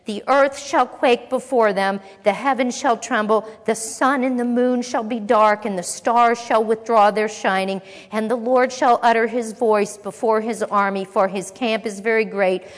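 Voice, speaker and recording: A woman's voice: a little high, fairly even intonation, unhurried, few pauses. A woman teaching a Bible class, reading scripture aloud and explaining it with casual asides and questions to her listeners. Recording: long echo of a large hall.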